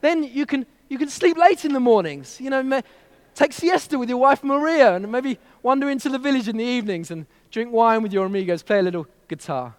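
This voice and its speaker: A man voicing a self-assured male American businessman who lectures in a brisk, confident sales pitch. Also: lively intonation, clear, resonant tone, in a large hall. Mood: eager, persuasive.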